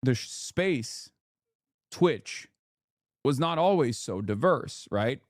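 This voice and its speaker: A man's voice: mid-range voice, animated, slow, no room sound, clean studio sound. A man in a played clip, speaking casually and thoughtfully, now and then trailing off. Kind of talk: casual talk.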